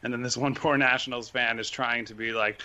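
A man's voice: medium pitch, steady tone, fairly quick, bright, forceful tone, lo-fi sound. A man chatting casually as a guest on a podcast, rambling with fillers and restarts. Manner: chatty, self-deprecating, many fillers and restarts.

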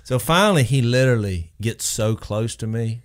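A man with a drawl rambles through a story in relaxed conversation. His pitch swings widely as he acts out the people he describes. His voice sits in an ordinary middle register. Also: moderate pace. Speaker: podcast co-host telling a story. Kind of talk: casual storytelling chat.

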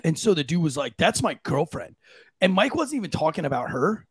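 A man's voice: fairly high pitch, big pitch swings, brisk, slightly rough, no room sound. A man hosting a podcast, chatting casually, telling stories with laughter and plenty of swearing. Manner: laughing, storytelling, swears freely. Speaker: podcast host. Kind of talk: casual chat.

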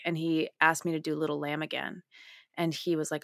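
Low-voiced woman telling stories. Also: brisk, no room sound, clean studio sound. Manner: animated storytelling, acts out quotes. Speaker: guest. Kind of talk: casual interview chat.

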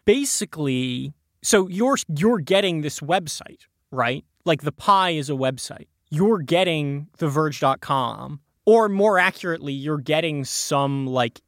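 A male tech podcast guest casually explains encryption, restarting sentences, padding with fillers, and chuckling often. His voice sits on the high side and is a bit bright, with lively intonation and a measured pace. The recording is dry and studio quality.

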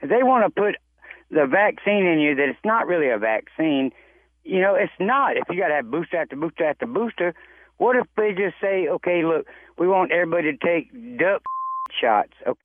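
A male caller comes through a thin, tinny phone line with no room sound. His voice sits a little high, and he talks bluntly and wanders off his point. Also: lively intonation, fairly quick, no room sound. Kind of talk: phone call to a radio show.

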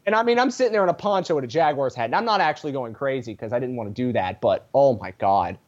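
A man's voice: medium pitch, expressive, fast talker. A man chatting as a podcast guest, rambling through tangents with a sarcastic sense of humor. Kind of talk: casual podcast chat. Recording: dull lo-fi sound.

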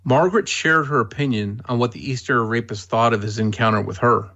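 A man narrating a documentary in a measured, scripted way. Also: medium pitch, sharp tone, muffled recording.

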